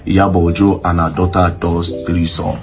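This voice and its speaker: A Nigerian man excitedly recounting events, mixing in Pidgin and acting out what others said. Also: sits low, moderate pace, over music. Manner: excitable, mimics others' voices. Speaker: social media commentator recounting events. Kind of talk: animated storytelling in Pidgin-mixed English.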